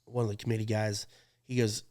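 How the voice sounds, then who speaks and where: A man's voice: on the low side, fairly quick. A man who works as a rodeo clown, telling stories in a casual podcast chat, laughing often and acting out what people said. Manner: animated, laughing, acts out quotes.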